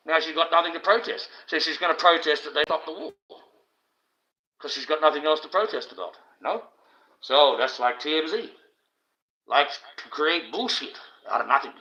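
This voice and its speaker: A bright-toned Australian man rants on his livestream, blunt and profane, his voice pushed forward with a sharp edge. The stream audio is dull and lo-fi, as if heard through a cheap home microphone. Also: on the high side, expressive, normal speed. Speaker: livestream host. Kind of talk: ranting livestream monologue.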